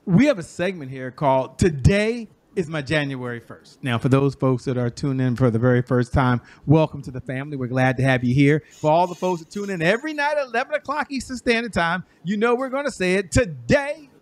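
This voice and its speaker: A man's voice: a little high, expressive, brisk, hardly any pauses. A man hosting a talk show, upbeat and speaking straight to the viewers. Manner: upbeat, addresses viewers directly.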